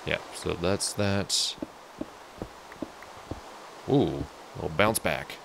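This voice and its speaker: A man's voice: sits low, measured pace, creaky, background noise. A man casually talking through his game build, chatty and joking with viewers. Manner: chatty, jokey, talks to viewers. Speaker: let's play host. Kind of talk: casual gameplay commentary.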